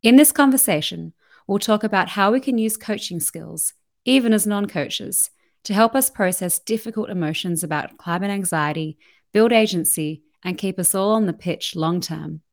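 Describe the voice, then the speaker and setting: A woman's voice: medium pitch, normal speed. Upbeat Australian woman podcast host. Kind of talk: scripted podcast intro and interviewing.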